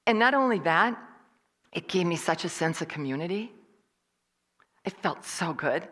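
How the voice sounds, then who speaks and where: A woman speaking at a church service, telling a personal story in a lively way and acting out what other people said. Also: fairly low pitch, moderate pace, in a large hall. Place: church hall.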